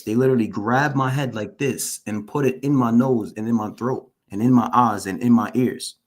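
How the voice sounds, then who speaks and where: A formerly incarcerated man speaking as an interview guest, giving earnest personal testimony, openly shaken and repeating phrases for emphasis. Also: medium pitch. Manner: openly shaken while recounting.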